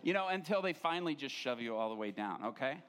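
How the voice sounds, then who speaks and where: A man's voice: fairly high pitch, fast talker, clean tone. A man, a pastor, telling a humorous story in a sermon and acting out the voices of the people in it. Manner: animated, acts out quoted voices.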